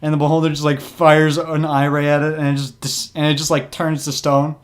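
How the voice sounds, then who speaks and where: A man narrating as game master of a tabletop game, halting and full of restarts. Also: fairly high pitch, monotone. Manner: halting, many fillers and restarts.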